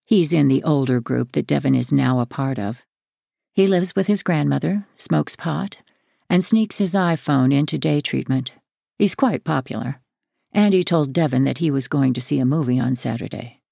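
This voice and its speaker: A woman narrating a first-person memoir audiobook in a measured, plain storytelling way. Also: a bass voice, gravelly, dark tone, no room sound, studio quality.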